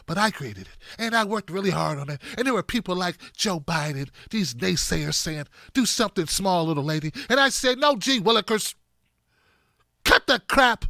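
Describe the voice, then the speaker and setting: A man impersonating a folksy, chirpy middle-aged female senator with squeaky exclamations. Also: pushed and bright, no room sound, studio quality, exaggerated voice.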